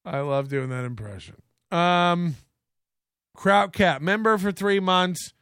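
A man's voice: high-pitched, slow pace, fairly bright tone, clear, resonant tone, no echo, clean studio sound. A man hosting a comedic commentary show, ranting sarcastically with profane rhetorical questions and laughter. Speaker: host. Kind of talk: casual comedic commentary rant.

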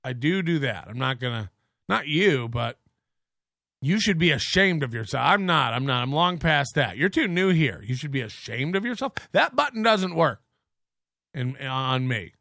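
A man's voice: mid-range voice, big pitch swings, moderate pace, sharp tone, no echo, clean studio sound. A male show host ranting crudely and mockingly about a viewer dispute, laughing at his own jokes.

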